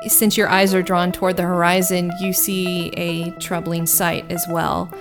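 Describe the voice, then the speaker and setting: A woman's voice: lowish voice, level tone, a little slow, music in the background. A woman narrating a tabletop game as game master, with vivid, descriptive storytelling.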